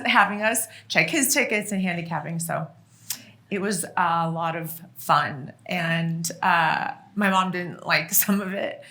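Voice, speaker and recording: A woman's voice: on the low side, pushed and bright. A middle-aged woman casually telling family stories to an audience, chatty, with many fillers and frequent laughs. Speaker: author and guest speaker.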